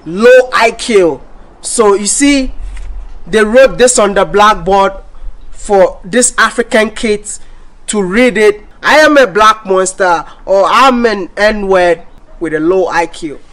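A man's voice: sits high, takes it slowly, a bit bright. A man vlogging to camera in an indignant, repetitive rant, often restarting his sentences. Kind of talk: ranting vlog to camera.

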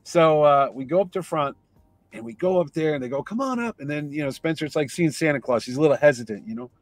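A man telling a lively anecdote in casual conversation, acting out the voices of the people in his story. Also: fairly high pitch, fast. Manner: animated anecdote teller, acts out voices in quotes. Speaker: comic convention organizer.

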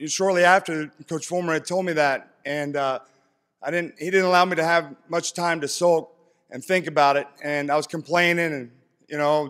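A man's voice: a little high, a bit bright, smooth. A man in his thirties from East Tennessee giving an earnest, heartfelt acceptance speech on a stage. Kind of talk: speech to an audience. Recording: long hall reverb from PA.

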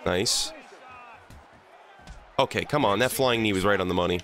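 A man's voice: lowish voice, normal speed, fairly bright tone, faint music behind. A man hosting a gaming channel, angrily venting and swearing as he plays through a fighting game. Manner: exasperated, profane venting. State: angry. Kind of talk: let's play commentary.

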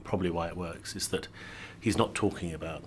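A man interviewed as an actor, speaking in a thoughtful, measured way and often turning to his co-star with a question. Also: deep voice, fairly even intonation, slight background noise. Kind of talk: casual interview chat.

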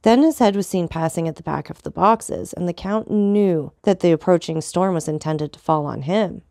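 Woman narrator for a classic novel, gravelly, dry close sound. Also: lowish voice, moderate pace, a little mellow, no room sound. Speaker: audiobook narrator. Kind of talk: scripted narration.

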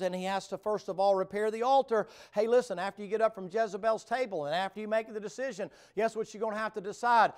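A revival preacher, a man, speaks to a congregation in a church. His voice sits high and rings out smooth and clear. He mixes homespun jokes with fervent, rising appeals. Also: fast, few pauses. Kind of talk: folksy revival sermon. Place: church sanctuary before a congregation.

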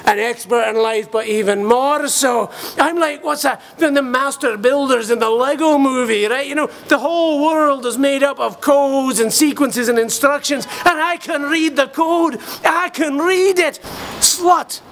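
Guy doing a pub drunk, rambling, swears a lot, really high voice. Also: unhurried, fairly bright tone, heavily acted. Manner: ranting, mock-profound, swearing. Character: boozy rambling middle-aged male pub philosopher. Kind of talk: comic monologue.

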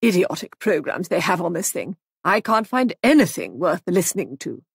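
A woman voicing a peevish older woman in an audiobook who talks in a loud, scornful, complaining way. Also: on the low side, big pitch swings, normal speed, gravelly, husky, no room sound, clean studio sound, exaggerated voice. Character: peevish older woman, sharp-tongued and contemptuous.

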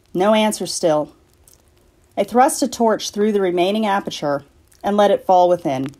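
A woman from a library reading a classic story aloud in a measured, deliberate way. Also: mid-range voice, a little mellow. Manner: measured, deliberate, slowing for effect. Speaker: library staff reader.

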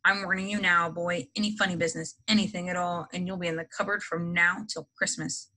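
A woman voicing a blustering, gruff middle-aged uncle in a storybook reading. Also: on the low side, fairly even intonation, brisk, sharp tone.

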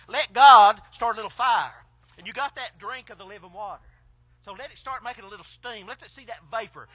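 A man preaching a fiery country sermon at a drive-in church, swinging from hushed asides to shouted praise. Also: high-pitched, no echo. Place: outdoor drive-in church service.

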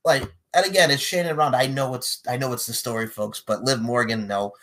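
A man talking casually at a middle pitch, joking as he goes. His delivery is animated and breaks into sudden loud bursts. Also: fast. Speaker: podcast host predicting wrestling matches. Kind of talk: casual chat.

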